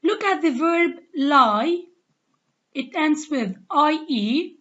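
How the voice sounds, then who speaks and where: Lebanese woman teacher, deliberate and slow, spells words out letter by letter, muffled lo-fi sound. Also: high voice, animated, fairly bright tone. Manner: spells out letters and repeats each rule step by step. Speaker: English teacher. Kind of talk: slow, deliberate grammar lesson. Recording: dull lo-fi recording.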